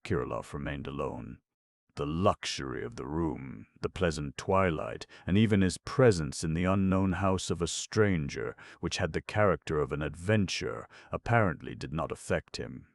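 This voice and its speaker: A man narrating a classic short story for an audiobook in a measured, literary way. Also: very deep voice, gravelly, no echo. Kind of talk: scripted narration.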